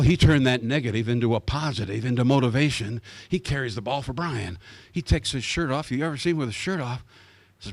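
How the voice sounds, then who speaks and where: A man from Iowa giving a lively guest speech at a club meeting, acting out the people he quotes. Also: medium pitch, no room sound, clean studio sound. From Iowa, USA. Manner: animated, acts out the people he quotes. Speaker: guest speaker. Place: country club meeting room.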